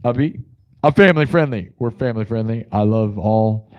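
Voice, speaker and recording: A man hosting a live music stream, joking and rambling casually, now and then breaking into loud shouts. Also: fairly low pitch, moderate pace, highs cut off.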